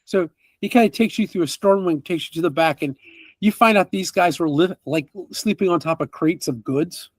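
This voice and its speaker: A man narrating as game master of a tabletop game, animated and laughing, with casual fillers. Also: fairly high pitch, a little fast, no echo.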